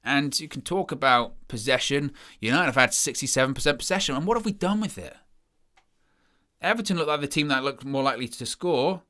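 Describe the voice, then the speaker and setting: A man's voice: medium pitch, lively intonation, brisk, bright, forceful tone. A man giving live watchalong commentary as a fan presenter, exasperated and sarcastic about his team's play.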